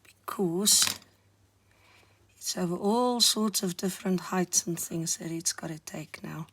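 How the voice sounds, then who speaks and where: A woman talking softly to the camera while she decorates a journal cover, often dropping to a murmur or whisper as she works, her voice still hoarse. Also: fairly low pitch, measured pace, slight background noise. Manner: soft-spoken, murmuring while working, frequent near-whispers. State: hoarse, recovering voice. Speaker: craft vlogger. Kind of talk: casual crafting commentary.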